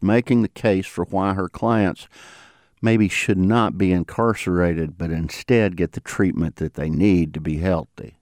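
A male reporter narrates a scripted radio piece in a lowish voice with lively swings of pitch. His delivery is conversational and expressive. The sound is dry and close-miked. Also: vocal fry, no room sound.

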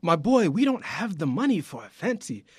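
A man voicing a weary father who scolds his son about money, in a slow, drawn-out put-on accent. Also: high-pitched, big pitch swings, breathy edge, no room sound, clean studio sound, exaggerated voice. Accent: put-on foreign accent.

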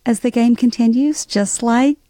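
A woman's voice: on the high side, unhurried, warm tone, no echo, studio quality. A middle-aged woman from Alabama with a Southern accent, telling wry stories with frequent laughs as an interview guest. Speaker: author guest. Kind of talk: interview conversation.

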